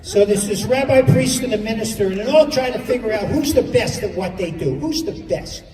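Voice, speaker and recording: A man's voice: sits high, expressive, music in the background. A male stand-up comedian rattling off classic jokes one after another, coaxing the audience to remember them. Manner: rapid-fire classic joke telling, coaxing the audience. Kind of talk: stand-up joke set. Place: live event hall with audience. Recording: distant mic in a reverberant hall with crowd. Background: audience laughter and room ambience.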